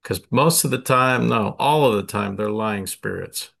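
Slow gravelly-voiced man. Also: fairly low pitch, a bit bright. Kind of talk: casual discussion.

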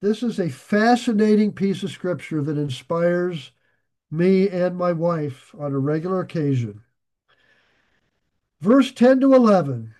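A man's voice: high voice, expressive, measured pace, mellow. A middle-aged man preaching, reading scripture aloud and paraphrasing it in plain everyday words. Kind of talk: Bible teaching sermon.

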